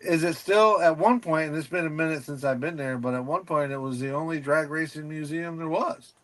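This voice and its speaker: A man's voice: fairly high pitch, brisk, slight background noise. A man in casual chat, asking earnest questions. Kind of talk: casual chat on a live stream.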